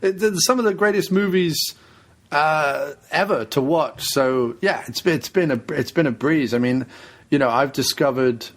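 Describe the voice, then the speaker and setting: A man's voice: on the high side, moderate pace. A man co-hosting a casual podcast, jokey and laughing often. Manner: jokey, laughing, slips into silly put-on voices. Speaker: podcast co-host.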